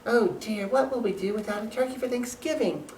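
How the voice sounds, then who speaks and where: A man's voice: high-pitched, a little fast, darkish tone, pitched above the performer's own voice, lightly acted. A man voicing a worried farmer's wife in a raised, fussing tone. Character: fretful farmer's wife, grown woman. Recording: roomy, from off the mic.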